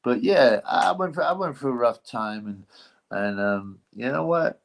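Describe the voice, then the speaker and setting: A middle-aged man hosts a live stream in a mid-range voice with lively intonation and some vocal fry, taking his time. He chats loosely and reads out donations, rambling with plenty of slang, free swearing and lots of fillers.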